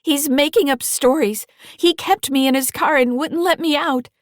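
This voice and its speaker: A woman voicing a frightened, defiant teenage girl who pleads in a high, loud voice. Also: moderate pace, dry recording, studio quality, lightly acted. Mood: desperate.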